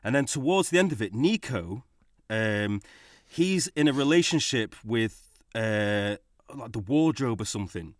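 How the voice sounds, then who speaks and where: A man co-hosts a chatty podcast and spins a funny anecdote. His voice swings widely in pitch as he laughs and swears through it. The sound is dry and close. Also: unhurried, few pauses, no echo. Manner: animated, laughing storyteller who swears. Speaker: podcast co-host. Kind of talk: casual storytelling chat.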